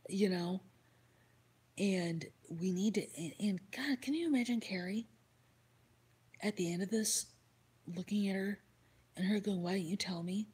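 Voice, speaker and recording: A woman's voice: medium pitch, a little slow, long pauses, darkish tone, breathy edge. A woman hosting a livestream, casually retelling a story and answering chat, swearing freely and slipping into whispered asides. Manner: reads and answers chat comments. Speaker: livestream host.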